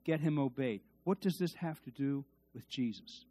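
A man preaching a sermon in a conversational way, swinging from quiet asides to loud, emphatic peaks, with restarts and repeated words. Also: medium pitch, normal speed.

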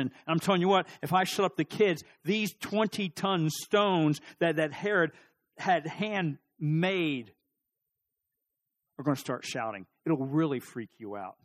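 A middle-aged male pastor delivering a sermon in a church, with a fairly high-pitched voice. He preaches in an animated way, swings between quiet asides and loud, emphatic peaks, and acts out the voices of the people in his story.

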